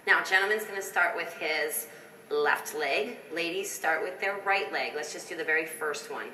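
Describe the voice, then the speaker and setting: A woman's voice: deep voice, normal speed, pushed and bright, distant mic, a little hiss or hum. A woman choreographer teaching a dance routine, counting out the beats and coaching two dancers in an upbeat, encouraging way. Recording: echoey room with long reverb.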